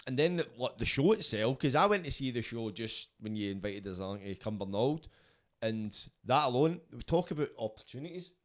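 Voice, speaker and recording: Male host, easygoing, mid-pitched interviewer. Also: fairly quick. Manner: relaxed, chatty, with listening murmurs. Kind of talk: casual interview chat.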